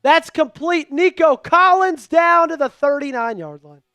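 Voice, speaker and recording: Man, fan stream play-by-play, excitable, begging viewers, faint music underneath. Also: extremely high pitch, unhurried, dry recording. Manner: hyped, pleading with viewers, shouts at big plays. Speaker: fan livestream play-by-play host. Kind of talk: excitable live play-by-play commentary.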